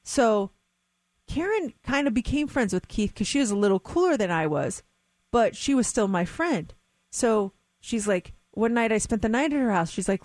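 A woman co-hosting a radio show, telling stories and reading news items in a chatty, lively way. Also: fairly high pitch, moderate pace, no room sound. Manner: chatty storyteller, animated. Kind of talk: casual radio chat and news segment. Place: radio studio. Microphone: studio mic.

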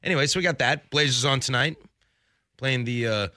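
A man's voice: mid-range voice, a little fast, no room sound, studio quality. A young man hosting a sports radio show, joking casually with his co-host. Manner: joking, animated, does silly voices.

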